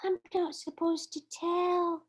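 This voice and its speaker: Woman voicing a guarded, bright little girl. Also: very high-pitched, level tone, takes it slowly, pitched above the performer's own voice. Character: bold, poor little girl friend, guarded.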